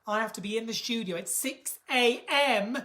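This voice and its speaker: Brassy british woman gossiping on a live stream, bright voice, pitched up a bit, swoops all over the place. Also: normal speed. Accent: British English. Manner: camp, theatrical, reads viewer comments aloud; big swings in pitch and loudness, sudden exclamations. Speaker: singer hosting a live stream. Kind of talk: chatty live-stream banter.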